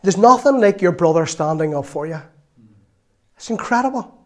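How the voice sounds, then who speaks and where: Northern irish guy preaching, fairly high voice, tells family stories and does the voices. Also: moderate pace. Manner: lively storytelling, acts out voices, laughs often. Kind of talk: sermon with personal story.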